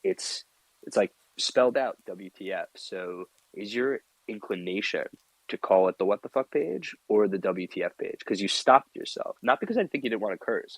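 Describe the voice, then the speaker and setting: Low-voiced rambling man, dry sound. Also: fairly quick, no echo, poor audio. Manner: rambling, lots of fillers and restarts, laughs easily. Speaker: team member on a community audio chat. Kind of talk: casual chat.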